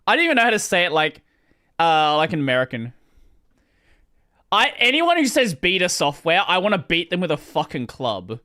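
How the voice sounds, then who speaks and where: High, lively Australian man. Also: moderate pace. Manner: animated, swears freely, plays with pronunciations. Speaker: streamer host. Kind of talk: casual gaming stream chat.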